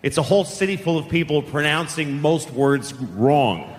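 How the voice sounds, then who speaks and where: A middle-aged man from the Boston area doing stand-up comedy in a deadpan, sardonic, conversational way. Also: on the high side, normal speed, big-room sound. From Boston area, United States.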